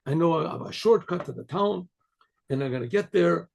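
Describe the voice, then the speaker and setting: A man voicing a spiteful, scheming male bishop in a spoken story, talking in a low, hushed, gloating way. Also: animated, normal speed, vocal fry. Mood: determined.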